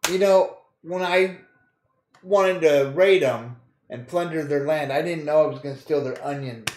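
A man's voice: fairly high pitch, unhurried, reverberant, slight background noise. A man casually commenting on a video game he plays, joking crudely, laughing often and reading game text aloud. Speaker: gaming streamer. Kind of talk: casual let's-play commentary.

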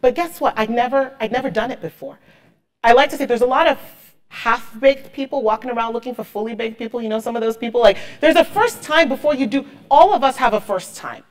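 A marketing executive in her thirties speaks as the guest of an onstage interview, her voice high and brisk. She's emphatic and motivational, often repeating words for stress.

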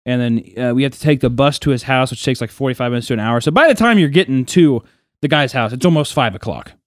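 A man's voice: mid-range voice, quick pace, dry recording, clean studio sound. A young man on a podcast, telling a childhood story in casual, profane chat and acting out the people in it. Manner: animated, profane, acts out quoted voices. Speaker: podcast co-host.

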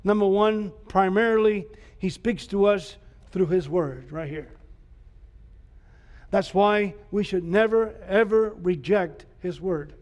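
This man's high, slightly mellow voice carries an emphatic sermon, as the pastor keeps asking his congregation rhetorical questions. He is in a church sanctuary, and the sound has church hall reverb.

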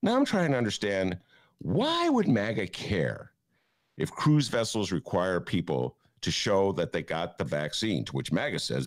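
Sarcastic, animated male podcast host. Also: sits low, measured pace. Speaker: podcast host and newspaper columnist. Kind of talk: political commentary podcast. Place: home attic.

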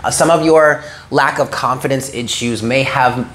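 A man of medium pitch reads tarot at a moderate pace, his tone fairly bright, with a little hiss or hum audible. He speaks earnestly and encouragingly, checking in with "okay?" often.

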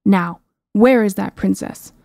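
A woman's voice: medium pitch, measured pace, gravelly, dark tone, dry recording, clean studio sound. Woman voicing a carefree young knight. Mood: easygoing. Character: carefree young male knight, easygoing and chivalrous. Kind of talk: audiobook character voice.

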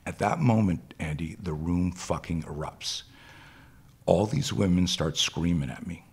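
A man with a very low, husky voice tells a long story as a podcast guest. He speaks as a self-defense instructor, swears freely, and slips into the voices of the people in his story. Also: unhurried. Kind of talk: animated storytelling in conversation.

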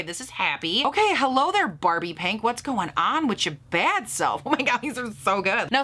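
A woman in her thirties chatting casually through a makeup review, bubbly and a little profane, laughing often and scolding herself out loud. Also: medium pitch. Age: 30s. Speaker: beauty vlogger.

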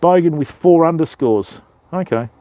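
A man's voice: a little high, animated, normal speed, warm tone, dry recording. An Australian man live-streaming outdoors at night in the rain, chatting casually with his viewers and calling them fam.

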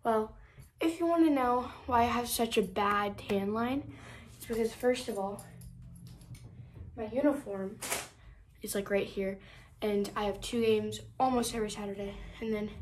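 A woman's voice: a little high, a little mellow, a little hiss or hum. A teenage girl chatting casually in a vlog at home while getting ready, rambling with lots of fillers and dramatic complaints, a bit out of breath. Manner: rambling, filler-heavy, dramatic about small things. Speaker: vlogger.

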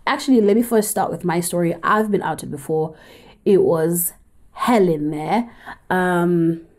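A woman's voice: on the low side, a little slow, darkish tone. A woman with a South African accent, telling a personal story in a candid, chatty vlog. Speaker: film reviewer and vlogger.

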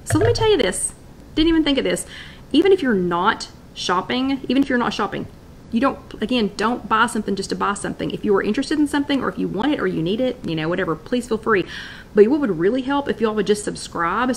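A woman's voice: mid-range voice, slight background noise. A woman hosting a casual live-stream wellness chat, talking in a chatty, rambling way and greeting viewers by name. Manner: chatty, repeats and restarts, addresses viewers by name. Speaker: wellness workshop host.

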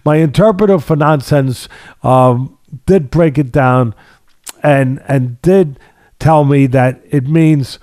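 A fairly high-pitched man breaks down a fight on a casual sports podcast. His tone is warm and mellow, his delivery emphatic and sardonic, and he circles back to repeat key phrases. The sound is dry and close. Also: takes it slowly, no room sound. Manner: sardonic, builds long analogies. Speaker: podcast host and boxing analyst.

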